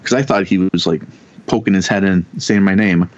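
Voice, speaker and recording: A man's voice: deep voice, fairly even intonation, a little mellow. Rambling man telling a story, lo-fi. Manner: rambling, halting with many restarts, swears casually. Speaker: podcast guest telling ghost stories. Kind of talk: casual storytelling. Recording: dull lo-fi sound.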